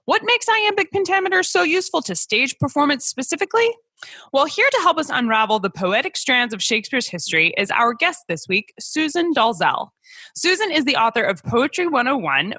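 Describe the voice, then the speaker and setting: A woman podcast host reading a scripted introduction and asking interview questions in a lively, emphatic way. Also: on the high side, no room sound. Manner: reads in a lively, emphatic, sing-song way.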